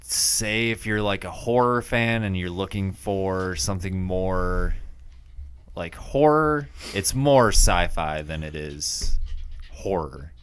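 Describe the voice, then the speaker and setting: A man's voice: deep voice, animated, slow, smooth, no echo. A man co-hosting a podcast, chatting casually in a hesitant way with many fillers. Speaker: podcast co-host. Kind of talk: casual chat.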